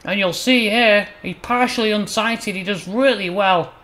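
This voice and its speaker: Excitable high-voiced gaming commentator. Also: male voice, normal speed. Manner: excitable, bursts loud on chances and goals. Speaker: gaming channel host. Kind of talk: playful mock match commentary over gameplay.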